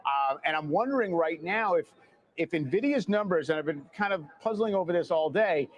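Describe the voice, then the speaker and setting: A man's voice: on the high side, expressive, moderate pace, dull audio. A man TV anchor asking thoughtful, probing questions in an interview.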